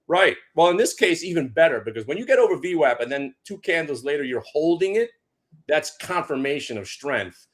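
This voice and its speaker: A man's voice: fairly high pitch, big pitch swings, a little fast. A man recapping trades in a brash, punchy way, trash-talking short sellers. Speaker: day trader. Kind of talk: hyped trading recap.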